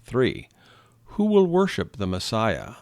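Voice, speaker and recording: Guy reading quiz questions for esl learners, gravelly voice, super slow and careful. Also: lowish voice, huge pitch swings, a little mellow, no echo, studio quality. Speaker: English teacher reading lesson questions. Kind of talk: slow, clear read-aloud for learners.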